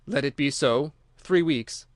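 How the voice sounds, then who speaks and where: A man's voice: mid-range voice, unhurried, dry recording, studio quality, lightly acted. A man voicing a starved, indignant Greek prisoner who answers in curt, defiant phrases.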